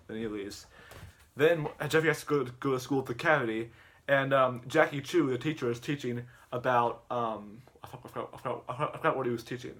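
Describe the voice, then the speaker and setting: A man's voice: mid-range voice, fairly quick, fairly bright tone. A man casually retelling a comedy video, rambling and stumbling over his words. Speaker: YouTuber.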